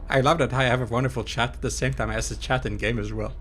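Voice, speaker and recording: A young man giving live commentary on a horror game, excitable and quick to swear and yelp at scares while reading his chat aloud. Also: mid-range voice, faint music behind. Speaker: streamer playing a horror game.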